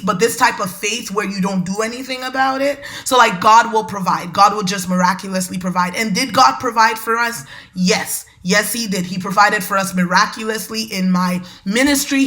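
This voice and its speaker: A woman hosting a podcast, telling a personal story in a lively, conversational way and talking straight to her listeners. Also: medium pitch. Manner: animated, conversational, addresses listeners as y'all. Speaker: podcast host.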